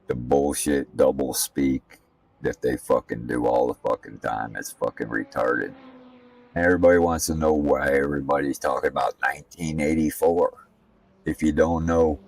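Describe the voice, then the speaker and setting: A man with a bass voice, steady in tone and moderate in pace, offers casual, profane commentary while practicing laps as a sim racing streamer, ranting bluntly between remarks about the car. He sounds set back from the mic.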